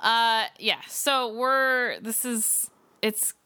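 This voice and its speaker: A woman's voice: a little high, extremely slow, bright, forceful tone, smooth. A woman co-hosting a podcast in casual chat, rambling and giggly with lots of fillers. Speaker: podcast co-host.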